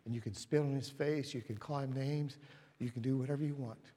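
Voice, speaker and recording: A man preaching a sermon, telling stories and acting out the voices in them, moving from hushed whispers to loud, emphatic lines. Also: medium pitch, fairly even intonation, a little fast. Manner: storytelling, acts out quoted voices. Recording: long reverb of a large hall.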